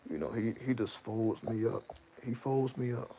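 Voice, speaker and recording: A man talking casually to his viewers in a rambling, self-interrupting way, full of slang, over steady background noise. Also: mid-range voice, normal speed. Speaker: channel host. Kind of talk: casual personal monologue to viewers.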